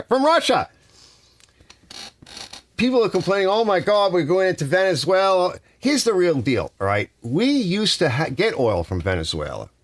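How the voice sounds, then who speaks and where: A man's voice: medium pitch, no echo. A man in his sixties ranting casually and sarcastically on a live stream from his home garage workshop. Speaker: garage channel host.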